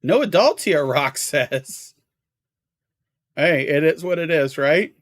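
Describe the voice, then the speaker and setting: A man's voice: a little high, lively intonation, takes it slowly, dry recording. A man live-streaming a video game, chatting casually with viewers, exclaiming at the graphics and apologizing for hiccups.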